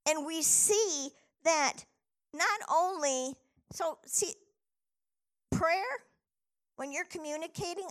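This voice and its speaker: A middle-aged woman delivering a sermon with a high, bright voice. She retells a scripture story with lively energy and reads the old verses aloud between her own remarks. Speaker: preacher.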